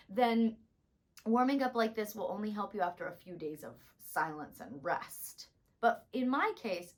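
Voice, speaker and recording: A woman voice teacher with a tired, hoarse voice and a slight rumble, calmly explaining and demonstrating a vocal warm-up. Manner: calm, instructive, demonstrating exercises.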